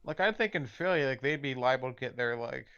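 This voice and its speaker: A man's voice: mid-range voice, fairly quick, pushed and bright, clean tone. A man co-hosting a casual talk show, reacting with blunt swearing. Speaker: co-host. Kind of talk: casual chat. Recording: dull lo-fi mic.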